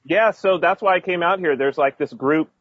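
Husky, rambling man on a dull line. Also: on the high side, moderate pace, dry recording. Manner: rambling, many restarts and fillers, laughs while telling stories. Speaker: expat guest telling stories. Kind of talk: casual podcast chat.

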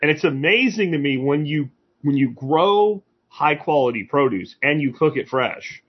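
Lively husky man telling stories. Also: a little high, normal speed, highs cut off. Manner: animated, tells anecdotes with acted-out dialogue. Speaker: podcast host. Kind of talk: casual conversational storytelling.

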